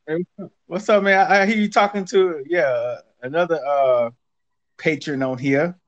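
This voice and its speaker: A man in casual chat, talking in an animated, profane street manner. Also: on the high side, moderate pace. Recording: dull lo-fi audio.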